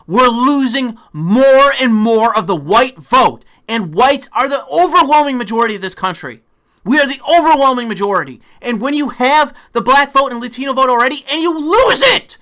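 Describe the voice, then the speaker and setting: A young man delivering an angry, profane political rant as a commentator, breaking into shouting bursts. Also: very high-pitched.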